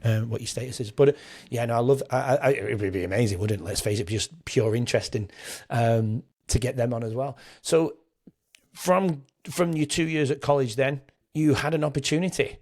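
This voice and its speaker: A man's voice: mid-range voice, moderate pace, darkish tone. A man hosting a podcast, asking long, winding questions full of fillers. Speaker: podcast host. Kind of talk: interview conversation.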